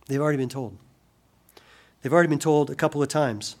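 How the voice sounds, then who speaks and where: This sermon comes from a pastor whose voice sits on the high side. When he quotes others he voices them himself, erupting into sudden loudness, and his delivery slows and softens for solemn points.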